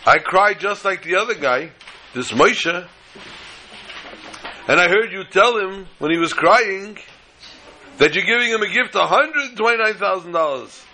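A man voicing a whiny young male stranger who pleads in a rising, high tone. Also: fairly even intonation, racing, creaky, few pauses, sharp tone, a little hiss or hum. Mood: pleading.

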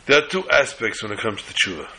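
A man teaching a sermon on the weekly Torah portion in a measured, halting way, often restarting phrases. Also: on the low side, very animated, bright, forceful tone, slight background noise, rough recording.

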